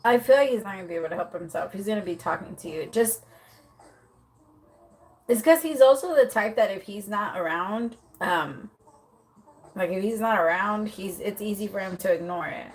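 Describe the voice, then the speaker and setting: A tarot reader speaks in a medium-pitched woman's voice at a normal speed, captured on a low-quality recording with a bit of hiss or hum. She gives a casual live reading, talking loosely with plenty of fillers. In a lively way, she acts out what the client's partner is thinking, swearing as she voices him.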